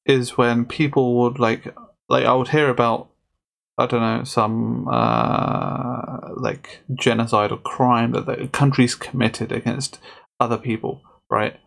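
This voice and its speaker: A man's voice: mid-range voice, steady tone, takes it slowly, vocal fry, fairly bright tone. A man in a casual chat who talks in rambling stretches with many restarts and joins in argumentative banter.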